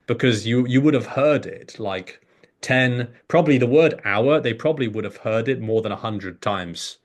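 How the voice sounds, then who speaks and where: A man's voice: mid-range voice, moderate pace. A man, an English teacher, explaining in conversation and acting out pronunciation examples as he goes. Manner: animated, demonstrates pronunciation examples.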